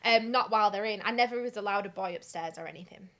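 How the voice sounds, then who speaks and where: A woman's voice: medium pitch, sharp tone. A young woman co-hosting a podcast, reacting with short quips and casual comments. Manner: reactive, quick quips between listening. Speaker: podcast co-host. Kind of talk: casual chat.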